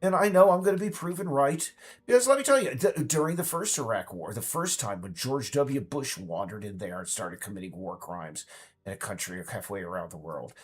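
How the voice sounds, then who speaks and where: A man's voice: lowish voice, lively intonation, brisk, slightly rough. A man giving a ranting political monologue, stammering and restarting, now and then mocking others in put-on voices.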